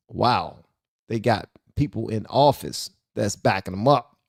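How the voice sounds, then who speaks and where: A man with a gravelly, fry-laced voice reacts to clips on his podcast, jumping up in pitch when something strikes him as unbelievable. He sounds close to the mic in a dry space. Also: unhurried, no echo. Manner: animated, incredulous, laughs often. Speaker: podcast host. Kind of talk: reaction commentary.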